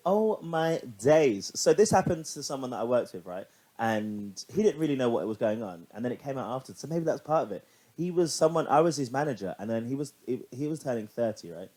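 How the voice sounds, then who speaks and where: Fast-talking, animated young man. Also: mid-range voice. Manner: animated, laughing, swears casually. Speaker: podcast co-host. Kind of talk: casual chat.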